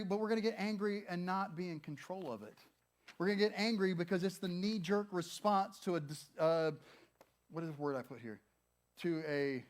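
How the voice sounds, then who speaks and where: A man in his thirties delivers a sermon in a chatty, playful way. His voice sits a bit high for a man. He slips into little acted-out voices for people's thoughts. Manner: conversational and humorous, acts out quoted thoughts. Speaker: pastor.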